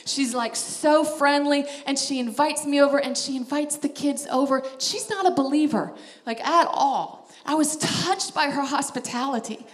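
A woman in her thirties sharing a personal faith story, animated and laughing often, then going soft and emotional. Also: high voice, normal speed. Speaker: missionary speaker. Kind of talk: personal testimony talk.

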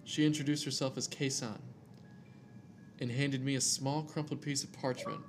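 A man's voice: medium pitch, steady tone, normal speed, soft background music. Casual man reading a scary story. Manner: reads aloud with jokey asides and stumbles over names.

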